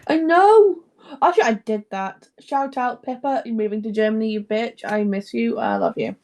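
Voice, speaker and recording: A Geordie woman chats freely as a podcast co-host, expressive and quick to laugh. Her voice sits a little high, and a sore throat wears at it. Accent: Geordie (Newcastle). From Newcastle, England. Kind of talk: casual chat.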